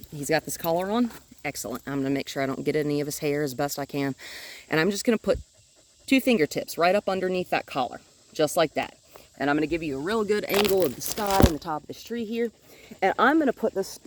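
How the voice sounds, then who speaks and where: A woman dog trainer filming outdoors on a phone held in one hand, calmly explaining her methods and now and then talking to the dog in a high sing-song voice. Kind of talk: instructional dog-training video. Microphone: phone held in one hand while filming.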